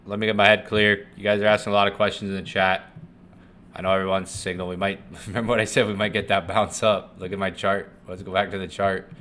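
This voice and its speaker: A man hosting a live trading stream, chatting loosely and swearing, swinging from hyped call-outs to low muttering. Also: level tone, quick pace, fairly bright tone. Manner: loose and profane, swings between hype and muttering. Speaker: forex trading livestream host. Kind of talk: casual live-stream chat.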